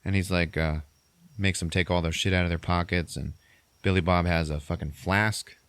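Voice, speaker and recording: Profane, low-voiced podcast host. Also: male voice, steady tone, moderate pace, fairly bright tone, clear, resonant tone, no room sound. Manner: profane, laughing storyteller. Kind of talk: casual movie recap.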